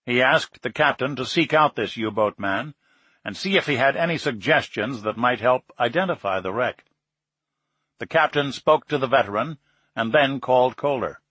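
A man reading a nonfiction story aloud in steady, measured scripted narration. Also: medium pitch, husky, dry recording. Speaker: audiobook narrator.

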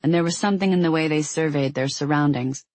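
An audiobook narrator reading fiction in a measured, even storytelling manner with a husky voice. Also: mid-range voice, dry recording. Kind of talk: scripted narration.

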